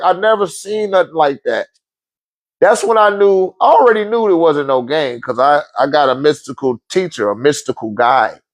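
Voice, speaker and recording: A man in his forties or older telling a story casually, swearing often, laughing, and acting out quotes in sudden high outbursts. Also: dry recording. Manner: profane, animated, laughs often. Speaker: podcast host telling a story.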